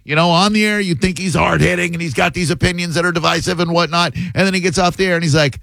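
Deadpan talk-radio host, dry sound. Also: male voice, a little high, vocal fry, dry recording. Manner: measured, deadpan, interrupting to steer the caller.

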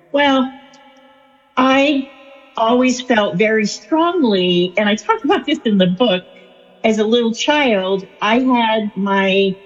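Her voice is mid-range and a bit rough, captured in a lo-fi recording with long, echoing reverb. An author and spiritual counselor, she answers interview questions in a chatty, storytelling way, laughing and using fillers.

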